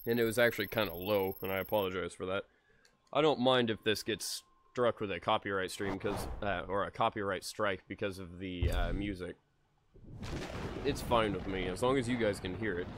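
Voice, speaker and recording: A man who is sick and low on energy gives live commentary on a racing game, excitable and swearing freely. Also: moderate pace. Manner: excitable, swears freely, cheers during races. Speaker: video game streamer. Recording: noisy, with racing game sounds. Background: car engines and game sounds.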